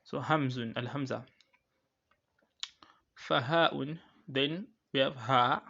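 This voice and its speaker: A man's voice: medium pitch, creaky, pushed and bright. Patient man teaching in a dull recording. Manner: patient, repeats and rephrases, chants verses quickly. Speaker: Quran recitation teacher. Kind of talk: explaining a poem line by line.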